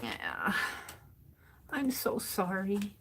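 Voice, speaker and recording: A woman's voice: mid-range voice, sing-song, drawn-out words, very noisy. A woman hosting an art livestream, chatting casually and musing aloud to herself as she draws. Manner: soft-spoken, muses aloud to herself. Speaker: livestream host and artist. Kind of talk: casual chat while drawing.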